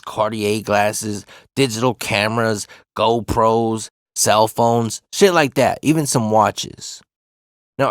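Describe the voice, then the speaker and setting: A man telling a story from his retail days in a casual, profane, animated way, full of street slang. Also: medium pitch, dry recording, studio quality.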